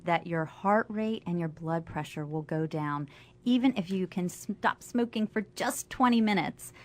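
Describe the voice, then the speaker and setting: A woman, a family doctor, guest on a radio interview, explaining health facts clearly and with enthusiasm. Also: on the low side. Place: radio studio.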